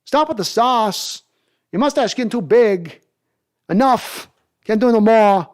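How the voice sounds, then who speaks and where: A man doing a halting, mocking celebrity impression that scolds a coach in short, clipped bursts. The voice sits well above his own natural pitch and lurches between phrases with odd pauses. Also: animated, darkish tone.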